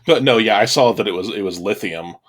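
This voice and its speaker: A man's voice: lowish voice, fairly quick, fairly bright tone. A man co-hosting a podcast, chatting casually about a horror movie, easygoing and a little meandering. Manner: easygoing, loses his train of thought, chuckles, backchannels. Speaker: podcast co-host. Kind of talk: casual movie review chat.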